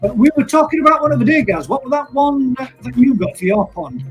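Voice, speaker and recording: A high-pitched, husky man hosting a relaxed live chat. He laughs easily, rambles through his thoughts and keeps calling everyone mate. Faint music plays softly behind him. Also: quick pace, low-quality recording. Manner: chatty, laughs often, calls people mate. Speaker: live stream host.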